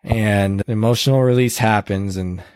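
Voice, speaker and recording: A man's voice: lowish voice, steady tone, darkish tone, clear, resonant tone, no room sound, studio quality. Earnest man retelling a race. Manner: earnest, halting, full of restarts and quoted dialogue. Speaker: podcast host recounting a race. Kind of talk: casual storytelling chat.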